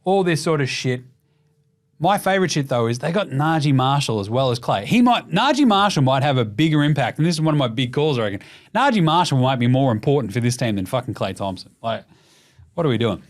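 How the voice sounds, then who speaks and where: A young Australian man hosting a casual sports show, sweary and jokey as he rattles through his takes. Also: medium pitch. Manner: fast, sweary, jokey, animated. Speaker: podcast host.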